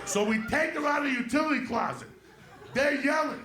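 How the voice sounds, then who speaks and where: A man telling a profane, animated stand-up story with shouted bursts, recorded at a live show. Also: extremely high pitch, brisk, noisy background. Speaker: stand-up comedian. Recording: live club show with audience laughter. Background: audience laughing.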